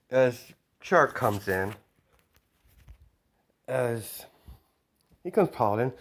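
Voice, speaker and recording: A man's voice: lowish voice, extremely slow, long pauses. A man improvising a fan story as a storyteller, rambling with many fillers and self-corrections.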